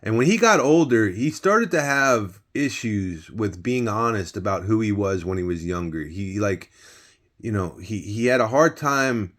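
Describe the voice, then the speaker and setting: A man with a fairly low voice tells a personal story in a loose, casual way. He restarts his sentences over and over and drops in swear words as he goes. He sounds close to the mic, indoors. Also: lively intonation, unhurried, fairly bright tone. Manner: rambling, many restarts and swearing.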